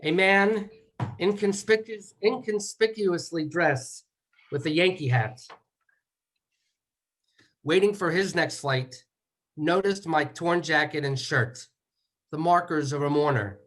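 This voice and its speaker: A man giving measured remarks as a son at a memorial, moving through slow, deliberate lists. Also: a little high, fairly bright tone. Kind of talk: eulogy remarks.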